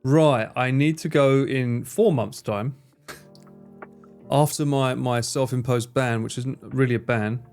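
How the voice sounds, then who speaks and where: A man chatting casually on his livestream, rambling, joking and swearing freely with quick asides. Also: medium pitch, steady tone, darkish tone, faint music behind. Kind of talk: casual chat reading stream chat.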